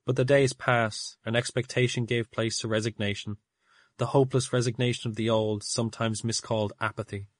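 Man, audiobook narration, measured storytelling, dry recording. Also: mid-range voice, little pitch movement, no echo. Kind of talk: audiobook reading.

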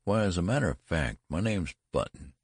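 A man's voice: sits low, lively intonation, a little fast, slightly rough, no echo, clean studio sound. A man voicing an earnest young man who looks old and speaks insistently. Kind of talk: audiobook character voice.

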